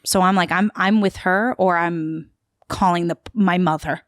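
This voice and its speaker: A woman tells a lively story as a podcast guest. Her voice sits a little low, and her talk runs chatty and full of fillers. The recording is close and dry. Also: normal speed, no echo. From Queens, New York City. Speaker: podcast guest, actor and tour guide. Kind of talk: casual storytelling interview.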